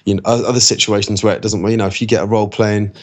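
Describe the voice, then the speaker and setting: A man's voice: on the low side, flat delivery, racing. A man, an actor talking casually in an interview, rambling with many restarts. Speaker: actor guest.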